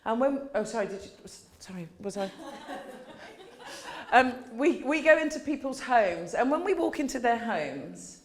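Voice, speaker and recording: A woman gives a playful, joking talk at a conference, chatting back and forth with the crowd. Her voice sits fairly high and swings up and down with animated energy. The sound carries an echoey room tone from the conference hall. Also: normal speed. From England. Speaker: conference speaker, doula.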